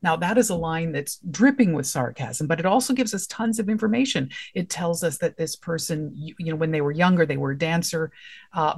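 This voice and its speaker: Conversational writing teacher explaining with examples. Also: medium pitch. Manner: conversational, explains through example lines and questions. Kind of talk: casual instructional talk.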